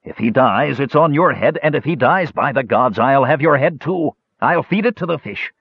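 A man plays a blustering, hot-tempered old elf fisherman for an audiobook, his voice pushed up high and loud. The delivery is husky and dry, with a slightly dull, lo-fi sound. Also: very animated, moderate pace, no room sound. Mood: furious. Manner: bellowing, threatening.

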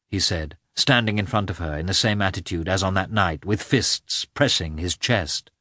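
Male audiobook narrator, low lively voice, measured classic-novel reading. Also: dry recording, studio quality.

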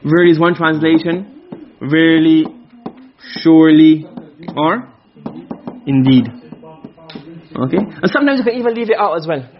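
A man teaching a class, lecturing quickly and often checking with his students. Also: a little high, animated, highs cut off, a little hiss or hum. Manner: quick, questioning students often, mixing Arabic terms. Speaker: teacher of Arabic rhetoric.

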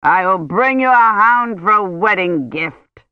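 A domineering medieval knight in a storybook reading, voiced by a woman narrator, slow and commanding, with a possessive, threatening edge. The recording is dry, dull and lo-fi. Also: mid-range voice, animated, dry recording, lightly acted. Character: older knight, domineering, menacing suitor.

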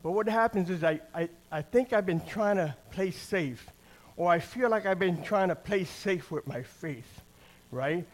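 An older man with a high-pitched voice speaks unhurriedly, sharing his personal testimony in a plain-spoken, conversational sermon. He often restarts his phrases and keeps checking in with the congregation, asking "amen?" and "right?"

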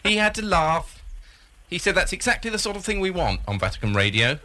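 A man making a deadpan prank phone call, hesitant and rambling with many ums. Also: high voice, fairly quick. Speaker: prank caller.

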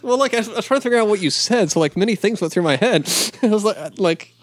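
A man's voice: high voice, expressive, fast talker, no echo. A man co-hosting a casual beer tasting podcast, rambling and stumbling over words with a lot of laughter. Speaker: podcast co-host.

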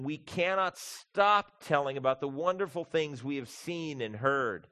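A man's voice: medium pitch, fairly bright tone. A man preaching a sermon as pastor, emphatic and building through lists of repeated words, addressing the congregation as folks.

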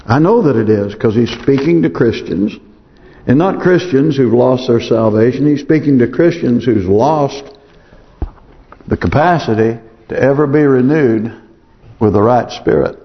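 A man speaks at a measured pace and medium pitch, preaching as pastor in a church sanctuary. His sermon is earnest and pleading, with phrases repeated for emphasis. Long hall reverb and a dull sound mark the recording.

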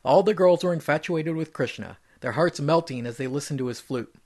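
A man reading a mythological story aloud in an even, measured storytelling voice. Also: a little high.

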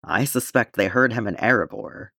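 Brief: storybook dwarf king, weary and gentle, low and measured, dry close read, man voicing. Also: vocal fry, no echo, exaggerated voice.

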